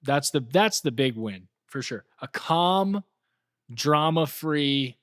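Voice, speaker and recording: A man's voice: fairly high pitch, expressive, slow, a bit bright, clear, resonant tone, no echo, clean studio sound. A man co-hosting a podcast, talking in an easygoing, reflective way with rambling restarts. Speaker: podcast co-host. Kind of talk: casual chat.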